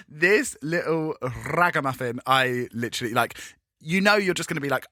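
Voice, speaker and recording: Gushing man, lively and bright. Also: on the high side, normal speed, no room sound, clean studio sound. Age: 30s. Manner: camp, sweary and gushing, breaks into quoted voices. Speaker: podcast co-host. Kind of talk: casual chat.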